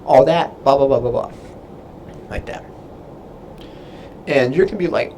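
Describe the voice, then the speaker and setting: A man's voice: on the high side, lively intonation, a little fast, pauses often, dark tone, slight background noise, low-quality recording. A young man, a Navy sailor, casually answering viewer questions on a livestream, rambling with lots of fillers. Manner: rambling, filler-heavy, loses his train of thought.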